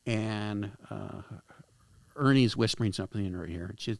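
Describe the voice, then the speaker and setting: Gravelly man telling a story. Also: fairly low pitch, moderate pace, no echo. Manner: animated, acts out dialogue with lively shifts. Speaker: guest, screenwriter and director. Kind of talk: casual anecdotal storytelling. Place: podcast studio.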